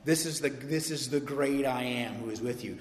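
A man preaching a sermon as pastor, emphatic and animated, swinging from loud peaks to soft, quiet stretches. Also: mid-range voice, moderate pace. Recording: echoey hall sound.

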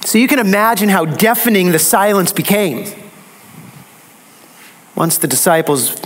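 A man with a high-pitched voice delivers a sermon. He speaks slowly and dramatically. He repeats key phrases for emphasis. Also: expressive. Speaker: preacher. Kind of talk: expository sermon.

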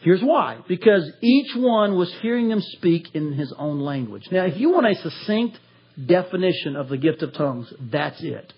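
Preaching verse by verse, a pastor from Tennessee, USA, speaks at a moderate pace with a slightly high, husky voice. The recording has its highs cut off, and he animatedly acts out quotes with a raised voice.

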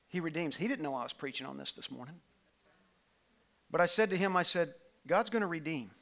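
Bright, high-voiced, impassioned male pastor. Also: a little fast, gravelly. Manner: impassioned, building to near-shouts. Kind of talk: sermon. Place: church sanctuary with live congregation.

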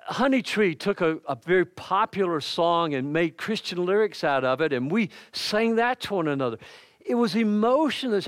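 A man's voice: sits high, big pitch swings, normal speed, no echo, clean studio sound. An older man preaching a sermon as pastor, folksy and conversational, with personal asides and light humor. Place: church.

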